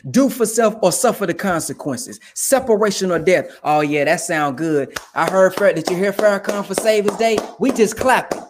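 A man's voice: high voice, expressive, normal speed, few pauses, noisy background. A young man giving emphatic, preachy commentary in casual, colloquial talk. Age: young adult. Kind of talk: casual direct-to-camera commentary.

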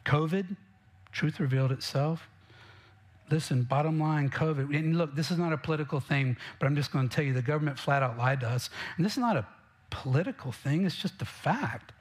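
Man, pastor, sermon, emphatic, fairly high voice. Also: a little fast, breathy edge. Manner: emphatic preaching, direct questions to the congregation.

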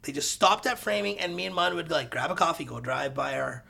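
Gravelly man telling a lively story. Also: a little high, fairly quick. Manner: animated, acts out dialogue, gets loud at the punchlines. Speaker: realtor guest telling a story. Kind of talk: casual podcast storytelling.

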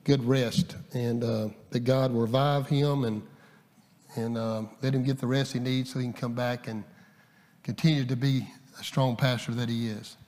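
A man's voice: mid-range voice, fairly even intonation, normal speed, a little mellow. A man preaching a sermon in a folksy, storytelling way, with frequent fillers and restarts. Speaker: guest preacher. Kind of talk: sermon with scripture reading. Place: church sanctuary. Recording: long church reverb.

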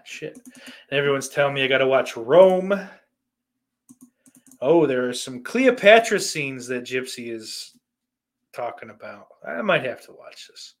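A man's voice: medium pitch, very animated, slow pace, long pauses, fairly bright tone. A man hosting a podcast, reading out listener questions in a rambling, profane and sardonic way. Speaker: podcast host.

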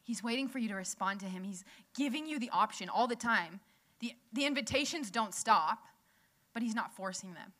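Young woman, sermon, conversational, laughs a lot, bright tense tone. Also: a little high, normal speed. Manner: conversational, laughs often, animated storytelling. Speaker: preacher.

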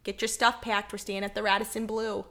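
A woman's voice: medium pitch, little pitch movement, fairly quick, pushed and bright. A woman putting on a chirpy Minnesotan mom. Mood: cheery. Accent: Minnesotan, exaggerated.

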